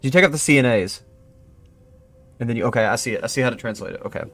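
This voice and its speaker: On a live stream, a young man with a medium-pitched, fairly bright voice talks fast, reading reports aloud before drifting into casual chat. He laughs and reasons out loud while cracking a code as part of an online mystery, with soft music playing behind him.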